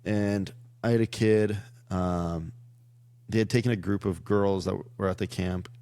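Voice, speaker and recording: Man, low gravelly voice, dry close sound, casual podcast storytelling, rambling and laughing. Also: fairly even intonation, measured pace, warm tone, no room sound. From United States. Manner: rambling storyteller, laughs often, acts out quotes. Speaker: comedian guest.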